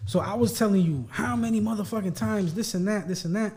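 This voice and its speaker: A man co-hosting a podcast talks bluntly and teases his friend, swearing freely. His voice sits a little high but sounds mellow and relaxed. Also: quick pace. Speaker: podcast co-host. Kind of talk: casual chat.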